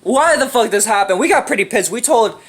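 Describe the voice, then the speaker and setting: A woman's voice: on the high side, expressive, a little fast. A young woman telling a casual storytime vlog story, rambling and profane, full of "right?" and "you know" fillers. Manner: acts out quoted lines in shifted voices.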